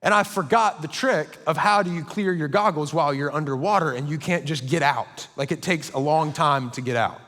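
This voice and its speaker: A man's voice: a little high, a little fast, few pauses, fairly bright tone. Man preaching in a reverberant church hall. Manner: storytelling with playful asides and self-mocking humor. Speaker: pastor. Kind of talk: sermon.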